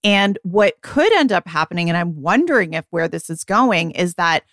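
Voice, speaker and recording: A woman in her forties, co-hosting a podcast as a beauty editor, chatting casually and often quoting herself in quick asides. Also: on the low side, animated, a bit bright, no room sound, clean studio sound. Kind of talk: casual chat.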